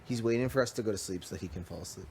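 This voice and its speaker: A man chatting in a laid-back, low-key way during late-night talk. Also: very fast, darkish tone, a little hiss or hum. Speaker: reality show houseguest. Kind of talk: casual late-night chat.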